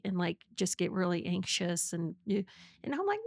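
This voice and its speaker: A woman hosts a casual interview podcast, chatty and quick to laugh. She often restarts her sentences mid-thought. Her voice sits at a middle pitch with a dry, close sound. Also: animated, gravelly, darkish tone, no room sound. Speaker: podcast host.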